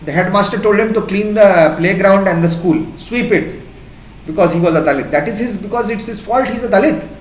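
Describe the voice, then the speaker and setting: A man's voice: sits high, brisk, a little hiss or hum. A man with an Indian accent giving an impassioned classroom lecture as a teacher. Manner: impassioned, emphatic. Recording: echoey classroom.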